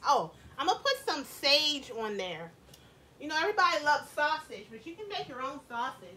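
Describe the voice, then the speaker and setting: Chatty high-voiced woman cooking, says y'all. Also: sing-song, normal speed, bright, forceful tone. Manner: chatty, asks viewers questions, says y'all. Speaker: cooking vlogger. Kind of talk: casual cooking chat to viewers. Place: home kitchen.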